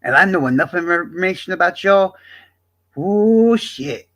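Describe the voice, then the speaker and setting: A man's voice: sits high, animated, a little slow, a bit bright. A man streamer from the American South, delivering a profane, combative rant straight at his chat. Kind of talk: ranting livestream monologue.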